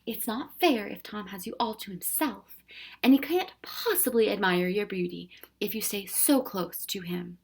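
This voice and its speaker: A woman voicing a cheerful, joke-loving old male professor who coaxes and exclaims loudly. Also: medium pitch, moderate pace, vocal fry, breathy edge. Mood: soothing. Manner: jovial, coaxing, loud exclamations.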